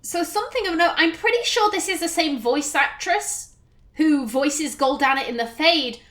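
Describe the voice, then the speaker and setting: A northern English woman commenting on her gameplay, chatty and thinking aloud as she goes. Her voice sits high, and she trips over herself and restarts. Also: expressive, normal speed, fairly bright tone. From Northern England. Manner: chatty, musing aloud, self-correcting. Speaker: let's play host.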